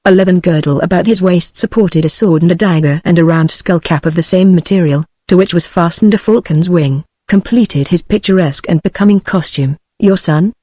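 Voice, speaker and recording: A woman's voice: lowish voice, dry recording. A synthetic woman's voice with a British accent, evenly reading an audiobook as narrator. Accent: British English. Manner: even, measured text-to-speech reading.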